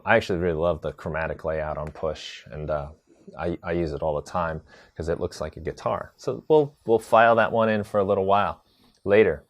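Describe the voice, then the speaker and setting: A man teaching a live tutorial on drum sequencing, chatty and relaxed, answering viewer questions as he demonstrates. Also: deep voice, dry recording. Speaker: music production instructor.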